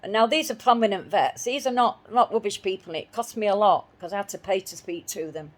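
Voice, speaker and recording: A woman with a medium-pitched voice speaks briskly, recounting a personal story with indignation. She repeats herself as she relives the arguments she made.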